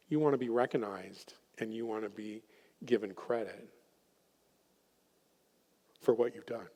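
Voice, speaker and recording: A man's voice: lowish voice, a little slow, long pauses, a little mellow, in a large hall. A man presenting at a workshop, telling a counseling story and acting out his clients' voices. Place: chapel hall.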